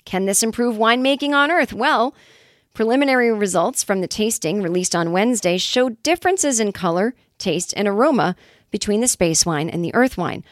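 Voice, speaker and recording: A woman's voice: medium pitch, lively intonation, normal speed, no echo, clean studio sound. Wry woman podcast host riffing on news. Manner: wry, reads news then riffs with sarcastic asides. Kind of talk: casual comedic news chat.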